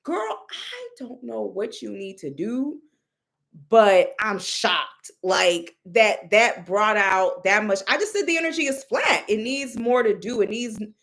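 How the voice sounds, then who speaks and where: A young woman telling a story in a casual, expressive way, exclaiming and mimicking others, with many restarts. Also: medium pitch, unhurried. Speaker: storyteller recounting a reading.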